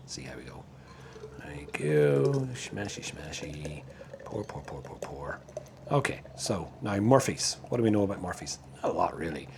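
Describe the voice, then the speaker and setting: A man's voice: low-pitched, sing-song, normal speed, creaky, background noise. A middle-aged man with a Northern Irish accent, chatting casually and laughing as he reviews a beer outdoors in his backyard. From Northern Ireland.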